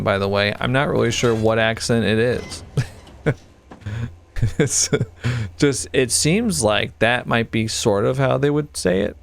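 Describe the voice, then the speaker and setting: A man in his forties commentating a horror game, joking and reading its text aloud, with sudden high-pitched outbursts. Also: unhurried, gravelly, long pauses, clear, resonant tone, no echo. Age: 40s. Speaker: gaming video host. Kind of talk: casual let's play commentary.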